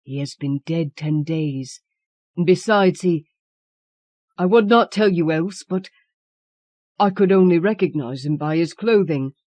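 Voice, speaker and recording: A woman's voice: fairly low pitch, lively intonation, unhurried, hardly any pauses, darkish tone, no room sound. Woman reading a frightened old husband, unsteady and anxious, voice raised a little. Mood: shaken. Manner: unsteady, stammering pleas. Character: frightened, shaken elderly husband.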